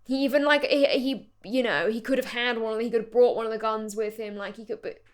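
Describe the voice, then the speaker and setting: A woman's voice: on the high side, steady tone, fairly quick. A woman co-hosting a comedy podcast, chatting casually about a TV show and often restarting her sentences mid-thought. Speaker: podcast co-host.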